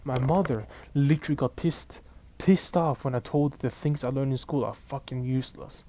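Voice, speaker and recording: A young man, ranting casually and profanely to camera in an exasperated, animated way. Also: medium pitch, moderate pace, slight background noise. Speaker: vlogger.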